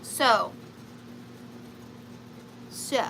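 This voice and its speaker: A woman's voice: drawn-out words, bright, forceful tone, a little hiss or hum, poor audio. A woman with a Southern US accent hosting a live vintage and antiques sale from home, chatty and gushing, greeting viewers by name.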